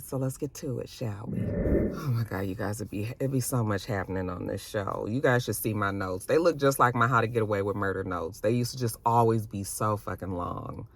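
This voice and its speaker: A woman's voice: very deep voice, fairly quick, gravelly. A woman recapping a TV episode in casual, profane, slangy chat, acting out the characters' lines with big jumps in voice. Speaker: TV recap vlogger.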